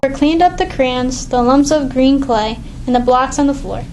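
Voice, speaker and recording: A woman reads a children's picture book aloud in a clear, measured way. Her voice sits high. A faint hiss runs underneath. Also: darkish tone, rough recording. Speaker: reader.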